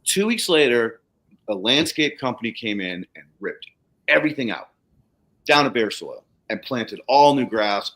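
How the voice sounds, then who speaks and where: A man's voice: lowish voice, fairly bright tone, low-quality recording. A man hosting a casual livestream chat, telling stories animatedly, acting out the people he quotes and swearing freely. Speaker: podcast host, soil treatment practitioner.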